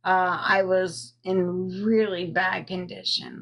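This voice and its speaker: A woman telling a personal story on a live stream into a phone, halting with frequent pauses and fillers, stopping to thank viewers. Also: medium pitch, little pitch movement, a crowd in the background. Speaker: livestreamer telling her own story.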